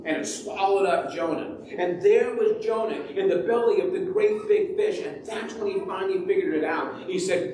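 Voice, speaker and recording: High-pitched guy pastor doing a kids' sermon, far off the mic, big echoey church. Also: moderate pace, hardly any pauses, crowd noise. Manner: animated, acting out the story voices. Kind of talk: children's sermon storytelling. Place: church sanctuary.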